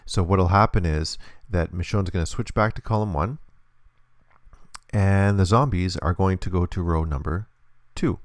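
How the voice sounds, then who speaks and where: A man with a low, gravelly voice walks through a hands-on demonstration lesson. He explains patiently and step by step, and the recording sounds close and dry. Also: moderate pace, no room sound. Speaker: instructor.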